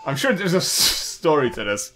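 A man's voice: fairly high pitch, big pitch swings, moderate pace, bright, forceful tone. A young man commentating a video game playthrough in a goofy, jokey way, swearing and laughing. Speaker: gaming video host. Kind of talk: let's play commentary.

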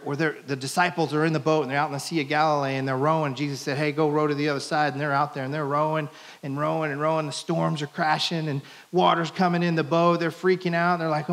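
A man preaching a sermon as pastor, telling stories with lively acted-out voices and small jokes. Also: fairly high pitch, brisk. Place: church.

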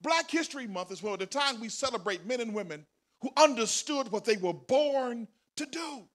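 Male host, very high and sharp voice, loud motivational speaker firing up students in an auditorium. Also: moderate pace. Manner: loud, energetic, hyping up the audience. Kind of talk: motivational speech to a crowd. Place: large performing arts center auditorium.

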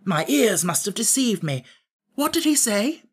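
Pompous straw king, played by a male narrator: raised, bright voice, grand and lecturing, storybook read. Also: high voice, big pitch swings, unhurried, husky, pitched above the performer's own voice, exaggerated voice. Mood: haughty. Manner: grand, lecturing, easily flustered. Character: pompous straw-stuffed king, vain and touchy. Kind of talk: audiobook character voice.

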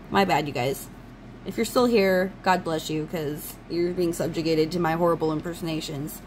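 A woman's voice: on the low side, normal speed, a little hiss or hum, poor audio. A woman hosting her channel, chatting casually and enthusiastically while unboxing a card deck. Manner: gushing, enthusiastic fan talk. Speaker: channel host.

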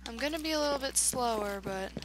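A woman's voice: high-pitched, animated, quick pace, over music. A woman chatting through a let's play, reacting aloud to the game as she goes. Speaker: gamer.

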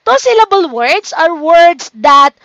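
A woman with a Filipino accent teaching a children's phonics lesson online in a slow, coaxing teacher voice. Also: very high-pitched, sing-song, fairly bright tone, dry recording, dull audio. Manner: slow, coaxing teacher talk, reading out learners' names. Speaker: online tutor.

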